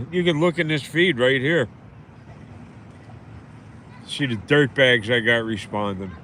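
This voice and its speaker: A man's voice: medium pitch, slow pace, fairly bright tone, a little hiss or hum. A man hosting a livestream, ranting bitterly and scornfully and repeating himself in a rambling monologue. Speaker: livestream host.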